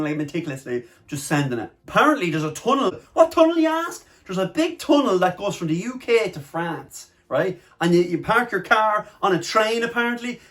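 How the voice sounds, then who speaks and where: Irish guy vlogger, young, high-pitched voice, excitable, chatty, punches his words. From Ireland. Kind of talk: casual vlog chat to camera.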